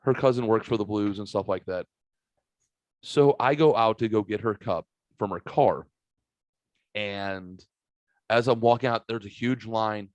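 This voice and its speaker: Male podcast host from the Saint Louis area, casual storyteller, lively and profane, dry close mic. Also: fairly low pitch, a little slow, long pauses, no room sound, muffled recording. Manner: animated, swearing, acts out quotes. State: recovering from a sinus virus.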